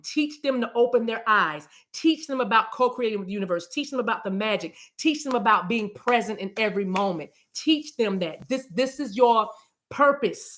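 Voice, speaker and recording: A woman's voice: fairly high pitch, sharp tone. An American woman hosting a spiritual channel, telling a story in a chatty, casual way and speaking straight to her viewers.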